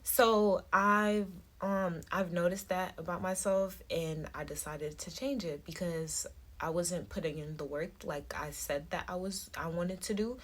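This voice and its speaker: A woman's voice: fairly low pitch, fairly even intonation, measured pace, fairly bright tone. A woman vlogger talking casually to her phone camera, rambling with many fillers and restarts.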